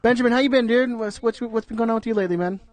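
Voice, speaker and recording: High-voiced laid-back male podcast host. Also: racing. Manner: laid-back, laughing, calls everyone dude. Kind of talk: casual chat.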